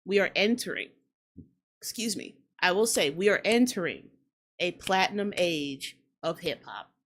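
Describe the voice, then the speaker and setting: A woman's voice: on the low side, animated, measured pace. A woman hosting a hip-hop commentary show, talking in a blunt, profane, ranting way and repeating lines for emphasis. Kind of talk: casual commentary rant.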